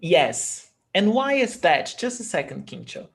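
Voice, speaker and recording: A man's voice: high-pitched, very animated, a little slow, vocal fry, a bit bright. A man from Brazil teaching a Portuguese lesson, patiently repeating each word for his students. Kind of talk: language lesson explaining grammar.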